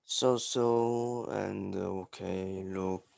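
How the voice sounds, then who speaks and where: A man repeating short phrases slowly after the teacher. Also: sits low, fairly even intonation, vocal fry, a little mellow, dry recording, studio quality. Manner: slow repetition of phrases.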